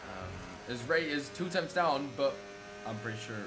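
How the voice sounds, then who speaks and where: A young man from Italy, an excitable race commentator on a live stream who swears freely and banters with chat. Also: medium pitch, moderate pace, music in the background. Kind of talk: live sim racing commentary. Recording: noisy stream audio.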